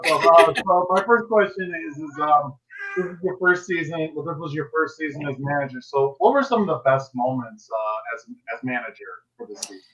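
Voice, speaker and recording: A man's voice: fairly high pitch, expressive, a little fast, a bit bright, highs cut off. A man from Chicago hosting a casual podcast interview, joking and hesitant with many fillers.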